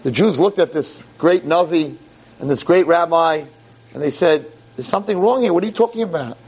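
High-voiced animated rabbi, man. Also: fairly quick, slightly rough. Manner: dramatic, acts out quotes with big pitch jumps; mixes Hebrew verses with English translation. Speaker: rabbi giving a holiday talk. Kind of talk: animated sermon to a live audience.

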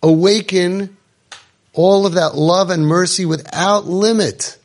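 Impassioned man coaching parents, fairly high voice. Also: steady tone, slow pace. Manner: preachy, emphatic, mixes in Hebrew and Yiddish terms. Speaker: parenting coach and podcast host. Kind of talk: impassioned talk to a live group.

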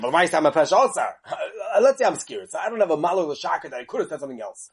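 Animated man giving a lecture. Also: a little high, husky. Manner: animated sing-song learning chant, quick asides, rhetorical questions. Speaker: Talmud teacher. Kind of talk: yeshiva-style Talmud lecture.

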